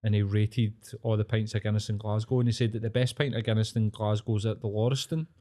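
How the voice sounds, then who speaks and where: A man's voice: fairly low pitch, fairly even intonation, quick pace, mellow. A young Glaswegian man telling jokey, sweary stories in casual podcast chat. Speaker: podcast co-host.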